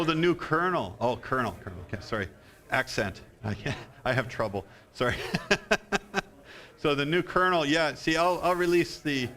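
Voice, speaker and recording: A man, a software developer, answering audience questions at a live convention talk, halting and repeating himself with many fillers. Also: lowish voice. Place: convention hall.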